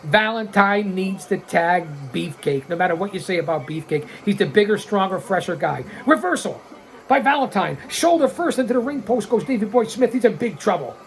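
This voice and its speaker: A man in his sixties giving excitable, blunt, profane wrestling commentary as a watch-along host, calling out mistakes. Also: sits high, moderate pace. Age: 60s.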